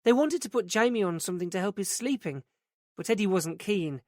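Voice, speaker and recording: A man's voice: high-pitched, animated, brisk, a little mellow, no room sound, studio quality, voice pushed up. A man voicing a flustered middle-aged woman who runs a day centre, in a raised, fluttery voice. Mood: brisk. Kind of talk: audiobook character reading.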